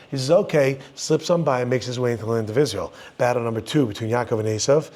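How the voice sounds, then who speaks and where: A man's voice: mid-range voice, fast, few pauses. A man teaching a Torah class to a live audience, telling the story with jokes and acting out the characters' lines. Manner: animated, jokey, acts out characters' lines. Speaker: rabbi teaching.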